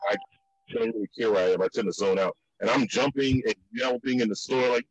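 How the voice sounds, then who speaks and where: A man from the Virginia and DC area telling stories in a casual chat, with many restarts and high jumps in pitch for the quotes. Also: a little fast, no room sound, lo-fi sound. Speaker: guest.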